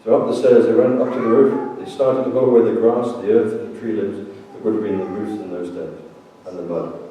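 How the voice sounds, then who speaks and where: A man's voice: lowish voice, steady tone, brisk, phone-quality sound. A man preaching a sermon as a priest, telling stories with a joking, jovial manner. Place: church sanctuary. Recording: echoey church, distant mic, background noise.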